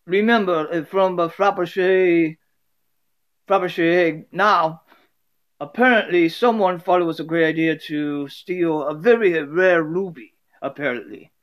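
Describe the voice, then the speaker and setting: A cordial Russian man speaks in a halting, hesitant way, his voice sitting a little high. A man puts on the accent for him. The accent is broad and put on. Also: dull audio, natural voice. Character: friendly middle-aged Russian man.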